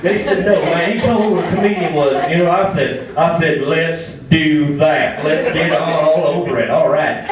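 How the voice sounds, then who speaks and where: A man doing stand-up, talking in a hesitant, halting, quiet way in a comedy club. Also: fairly high pitch, fairly even intonation, distant mic, crowd noise. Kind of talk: stand-up confession bit. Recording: echoey club heard from afar.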